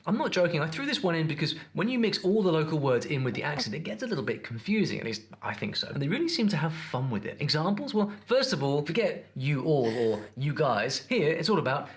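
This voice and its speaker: Lively, playful video narrator. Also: mid-range voice, fast, hardly any pauses. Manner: playful, punchy, folksy quips. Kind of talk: scripted narration.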